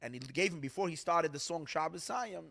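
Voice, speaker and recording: A man's voice: on the high side, brisk, vocal fry, fairly bright tone. A man, a rabbi, telling a dramatic story at an evening gathering, acting out the quotes and repeating words to build suspense. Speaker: rabbi telling stories of tzadikim.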